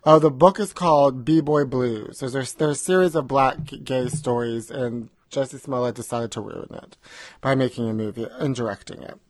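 A man's voice: mid-range voice, normal speed, dry recording. A man co-hosting a comedy podcast from home, chatting in a campy, gossipy way and calling his co-host honey. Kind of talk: casual comedic chat. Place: recording remotely.

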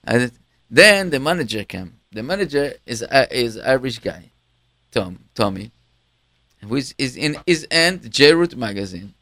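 Halting, lively-voiced man chatting. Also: mid-range voice, no room sound. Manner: halting, repeats words, grows animated telling stories. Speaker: host. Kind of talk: casual chat.

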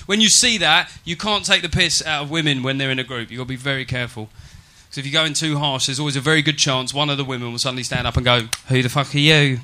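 Brash guy doing stand-up, super bright voice, swears a lot. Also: on the high side. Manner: brash, swearing, mock-serious. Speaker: stand-up comedian. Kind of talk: stand-up set. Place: comedy venue.

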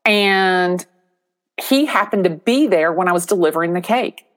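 A middle-aged woman, a real estate agent, telling a story as an interview guest, animated and acting out the voices of people in it. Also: fairly low pitch, normal speed.

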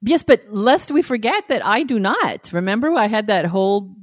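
A woman's voice: medium pitch, lively intonation, normal speed, dry recording, clean studio sound. A woman hosting a podcast in casual, candid chat, frank and blunt and often laughing. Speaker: podcast host.

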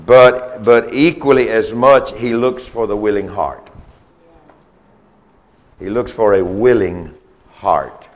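A man with a Southern US accent delivers a sermon in an earnest, insistent manner. His voice sits on the low side. He often restarts and repeats phrases to drive a point home. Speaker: preacher.

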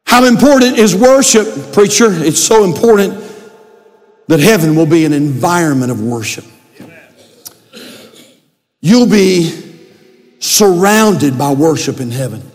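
A male pastor preaching a sermon, building to shouted emphasis. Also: a little high, lively intonation, measured pace, pauses often. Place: church sanctuary. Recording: long hall reverb.

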